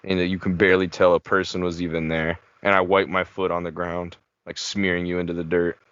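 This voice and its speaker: A man's voice: low voice, level tone, fairly quick, fairly bright tone, clear, resonant tone, dry recording, dull audio. A young man co-hosting a casual podcast from home, rambling and swearing with many fillers. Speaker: podcast co-host. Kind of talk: casual chat. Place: home room.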